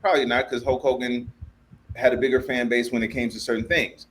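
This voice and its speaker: A man on a podcast chatting casually, expressive and laughing through his stories. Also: medium pitch, fairly quick, slight background noise, poor audio.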